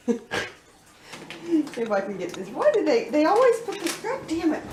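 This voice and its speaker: A woman's voice: sits high, wildly swooping pitch, normal speed, background noise. A woman chatting casually in a home kitchen cooking vlog, giggling and talking to her pets as she bakes. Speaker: cooking vlogger. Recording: echoey room, somewhat far from mic.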